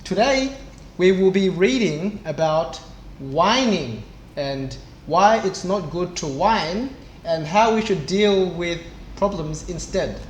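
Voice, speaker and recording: High male voice, slow clear read-aloud, children's English teacher, echoey room. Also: lively intonation. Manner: slow and clear, with small voices for the book's characters. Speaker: English teacher reading a storybook. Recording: echoey room, faint background noise.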